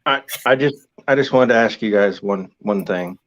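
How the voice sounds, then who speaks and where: A man doing a tough-talking New wiseguy at a bar, in a slow, persuasive, mock-menacing way, over a dull call line. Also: fairly low pitch, a bit bright, close to an everyday voice. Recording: dull lo-fi call audio with faint noise.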